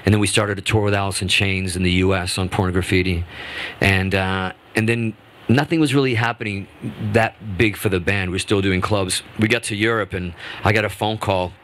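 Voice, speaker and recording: A man being interviewed as a guest musician on a radio show, telling animated, rambling stories full of restarts. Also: sits low, brisk, a little hiss or hum. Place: radio studio.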